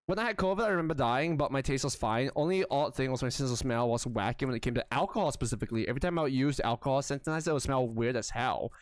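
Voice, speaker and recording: A young man livestreaming in a casual, rambling chat, excitable, often laughing and squealing, with lots of restarts. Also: mid-range voice, fast talker, few pauses, no room sound. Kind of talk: casual live-stream chat.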